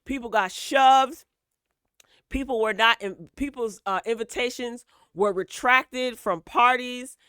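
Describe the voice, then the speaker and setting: Woman vlogger, blunt and chatty, keeps checking in with the viewer; smooth voice, dry close recording. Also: fairly high pitch, takes it slowly, a bit bright, dry recording. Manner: chatty, tags lines with "okay?" and "right?"; sassy, blunt asides. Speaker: reality TV recap host. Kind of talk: casual opinionated recap.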